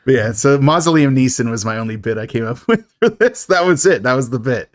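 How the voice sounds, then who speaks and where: A man's voice: mid-range voice, animated, no echo. A man co-hosting a horror movie podcast, joking and laughing often in casual chat. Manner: jokey, quick to laugh. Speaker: podcast co-host.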